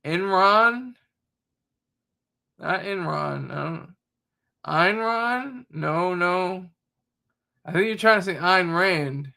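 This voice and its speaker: A man's voice: high voice, lively intonation, drawn-out words, creaky, long pauses, pushed and bright. A man giving casual, rambling reaction commentary, often searching for words and sounding sarcastic. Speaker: commentary streamer.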